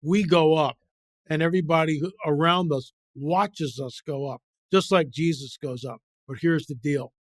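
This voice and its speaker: A man's voice: fairly high pitch, moderate pace, no room sound, clean studio sound. A man speaking as a guest researcher in an interview, emphatic and repetitive, firing off rhetorical questions with passionate conviction. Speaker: guest author and biblical researcher. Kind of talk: impassioned interview talk.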